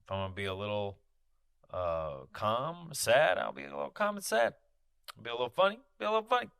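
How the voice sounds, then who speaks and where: A man's voice: lowish voice, big pitch swings, a little fast, fairly bright tone, clean tone, no room sound, studio quality. A man hosting his own podcast, talking in a candid casual monologue, swearing freely and peppering his talk with "you know". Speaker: podcast host. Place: podcast studio.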